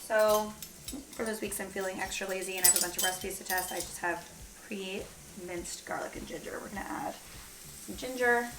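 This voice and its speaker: A woman's voice: mid-range voice, steady tone, moderate pace. Chatty woman cooking in an echoey kitchen. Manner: chatty, jokey, thinking aloud while cooking. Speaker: vegan cooking vlogger. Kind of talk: casual cooking vlog chat. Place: home kitchen. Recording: echoey kitchen, faint noise.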